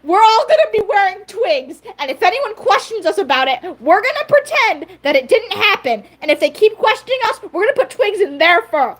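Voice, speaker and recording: A woman's voice: extremely high pitch, very animated, a little fast, hardly any pauses, pitched above the performer's own voice, poor audio. A woman voicing a mischievous, bossy she-cat who rallies a group of young kits like a playful ringleader.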